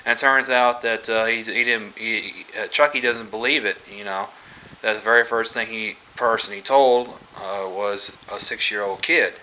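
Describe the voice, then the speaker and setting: A man casually retelling a movie plot as a reviewer, halting and full of fillers and restarts. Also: on the low side, sharp tone, a little hiss or hum, rough recording.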